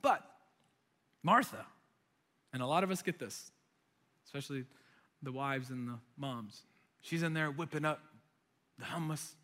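Male preacher, bright, forceful tone, animated storyteller who acts out voices. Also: fairly high pitch, a little slow, long pauses. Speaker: pastor. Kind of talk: sermon.

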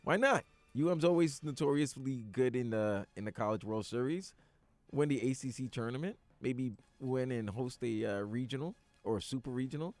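A man's voice: medium pitch, normal speed, no echo. A man who produces and co-hosts a sports radio show, chatting casually and getting worked up about his teams. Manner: enthusiastic, excitable fan.

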